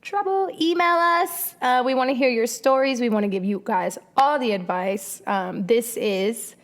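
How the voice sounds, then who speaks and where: A woman with a somewhat high voice co-hosts a casual podcast. She talks candidly and profanely, with easy laughter in the banter. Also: normal speed. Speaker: podcast co-host. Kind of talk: casual chat. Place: hot room, recorded on camera.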